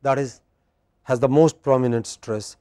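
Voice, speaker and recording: A man with an Indian English accent lecturing students on English pronunciation, slow and repetitive, often checking with "okay?". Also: medium pitch, fairly even intonation, mellow, clean tone, dry recording, clean studio sound. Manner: slow, repeats phrases and asks "okay?" often.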